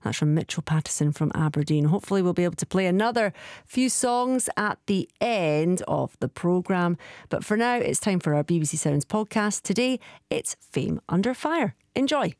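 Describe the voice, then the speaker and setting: A woman presenting radio and reading a listener's message in a friendly, brisk way. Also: on the low side, expressive, a little mellow, no room sound, clean studio sound.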